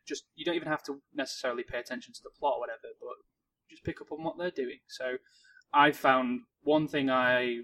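A man from Cheshire, co-hosting a casual podcast and giving calm, encouraging advice with small restarts. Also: mid-range voice, poor audio. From Cheshire, England. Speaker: podcast co-host.

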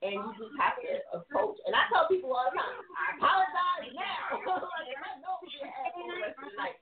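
Lively woman radio host, roomy tinny sound. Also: very high-pitched, a little fast, a loud crowd. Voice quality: blunt, laughs often. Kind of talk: casual radio chat.

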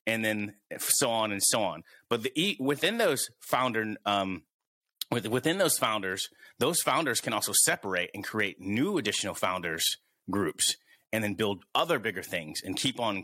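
Rambling male podcast host, low bright voice. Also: no echo. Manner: rambling, thinks aloud with many restarts. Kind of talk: casual podcast chat.

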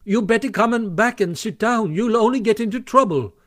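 A man's voice: fairly high pitch, expressive, moderate pace, darkish tone, close to an everyday voice. A man voicing a sensible, fretful male water rat in an audiobook reading, earnest and warning. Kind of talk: audiobook character voice.

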